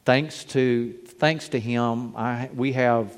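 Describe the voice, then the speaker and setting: A man preaching a sermon, slow and deliberate, lifting his voice when he reads scripture. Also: medium pitch, steady tone. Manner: slow, deliberate preaching with rising emphasis on quotes. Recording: long hall reverb.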